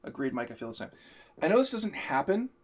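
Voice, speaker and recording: A man's voice: on the high side, very animated, quick pace. A man hosting a live stream, venting in a heated, profane, emphatic rant. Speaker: show host. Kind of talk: ranting live-stream chat.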